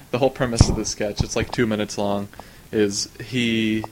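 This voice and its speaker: A man's voice: on the low side, steady tone, measured pace, a little mellow, slight background noise. A man co-hosting a podcast, telling stories in an easygoing way with fillers. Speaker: podcast co-host. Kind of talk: casual chat.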